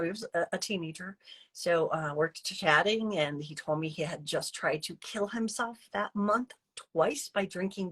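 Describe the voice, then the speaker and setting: A woman guest telling a personal story in an interview, chatty and animated, with fillers and restarts. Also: fairly low pitch, husky. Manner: chatty and animated, many fillers and restarts, acting out her own past lines.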